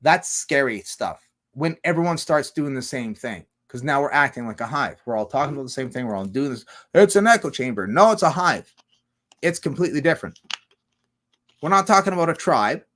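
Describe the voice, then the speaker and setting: A man's voice: medium pitch, animated, brisk, a bit bright. A man rambling through a livestream monologue, swearing a lot and firing off rhetorical questions. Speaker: streamer.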